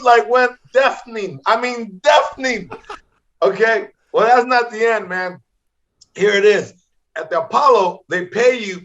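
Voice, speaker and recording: A middle-aged man from Los Angeles, a comedian telling wild stories in an energetic way, always saying "bro" and "man.". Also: high voice. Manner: energetic, repeats "bro" and "man", acts out voices. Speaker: comedian guest. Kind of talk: animated storytelling. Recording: slightly dull lo-fi audio.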